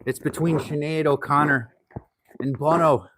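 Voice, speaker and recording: A man's voice: on the high side, steady tone, moderate pace, background noise. A middle-aged man hosting a casual live stream from his workshop while tanning hide, joking around and playfully putting on an Irish accent. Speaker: leather-working livestream host. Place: home workshop, indoors.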